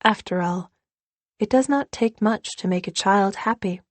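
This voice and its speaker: A woman narrating an audiobook with steady, even storytelling. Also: medium pitch, measured pace, no echo. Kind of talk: scripted narration.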